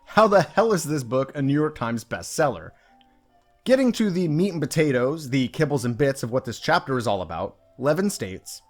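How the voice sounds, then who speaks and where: A young man with a medium-pitched voice reviewing a book, dry and sarcastic, often mocking what he reads. Faint music sits quietly behind his talk. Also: very animated, normal speed. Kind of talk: casual commentary video.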